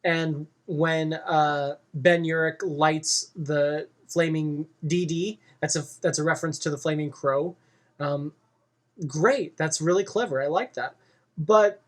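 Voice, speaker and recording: A movie reviewer giving a casual spoken review, rambling and halting with frequent fillers. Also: mid-range voice.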